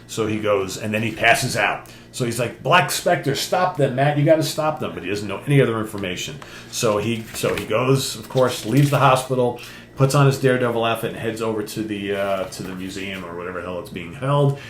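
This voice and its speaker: A man's voice: lowish voice, fairly quick. Man, older, casual comic book recap, acts out lines, echoey room, faint hum. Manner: animated retelling, acting out characters' lines. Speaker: podcast co-host.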